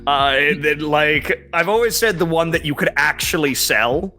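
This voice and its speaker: A man's voice: fairly high pitch, a little slow, sharp tone, faint music behind. A man appearing as a guest on a podcast, chatting casually and plugging his own channel with earnest enthusiasm. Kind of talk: casual chat.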